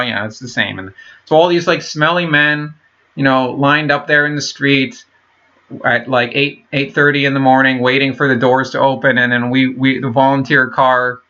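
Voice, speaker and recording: Bright-voiced man rambling in a vlog. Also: mid-range voice, muffled recording. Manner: halting, profane, full of restarts. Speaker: vlogger. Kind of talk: rambling personal monologue.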